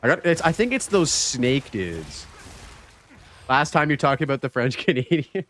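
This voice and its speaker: A man chatting to his stream chat while he plays, and his pitch leaps around when something surprises him. He swears freely and stays excitable, over a faint hum of room ambience. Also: moderate pace. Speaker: game streamer. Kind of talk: casual live-stream chat while gaming.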